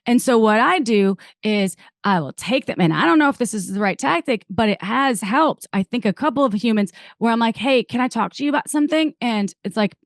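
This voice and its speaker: A woman hosting a podcast, telling stories in a rambling, animated way with many fillers. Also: fairly high pitch, normal speed, hardly any pauses, no echo, clean studio sound. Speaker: podcast host. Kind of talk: casual podcast chat.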